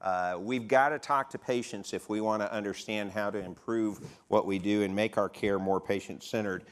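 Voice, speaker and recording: A man's voice: lowish voice, steady tone, moderate pace. Brief: male on-stage host, casual conversational delivery, lots of "uh", stage mic. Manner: conversational, with frequent "uh" fillers. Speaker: health system CEO hosting a patient interview. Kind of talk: on-stage interview before a live audience. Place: conference stage. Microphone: stage microphone.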